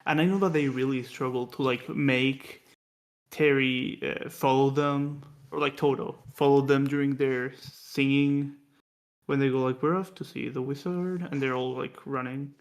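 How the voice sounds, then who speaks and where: Guy on a movie podcast telling stories, kinda monotone, rambly with lots of "like". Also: mid-range voice, a little slow. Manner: chatty, storytelling with many restarts and fillers. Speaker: podcast co-host. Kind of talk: casual film discussion podcast.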